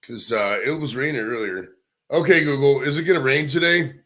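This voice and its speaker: A man's voice: medium pitch, moderate pace, bright, forceful tone. A man hosting a live stream, chatting casually in a crude, rambling, profane way. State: out of breath. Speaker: livestream host.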